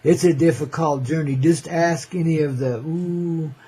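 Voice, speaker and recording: A man's voice: fairly high pitch, fairly even intonation, unhurried, dark tone, breathy edge. An older man hosting a radio show, rambling in a laid-back hippie drawl, often saying "man" and laughing. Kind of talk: rambling casual radio monologue.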